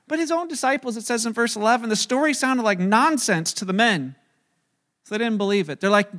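A man preaching a sermon, retelling a story with lively acted-out quotes and casual asides. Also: very high-pitched, brisk. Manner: animated storytelling, acting out quoted voices. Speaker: pastor.

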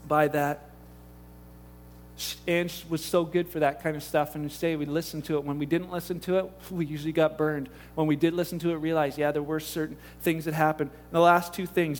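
Male pastor, middle-aged, high voice, lively preaching, breaks into acted-out quotes. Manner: animated, conversational, acts out quoted voices. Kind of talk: sermon.

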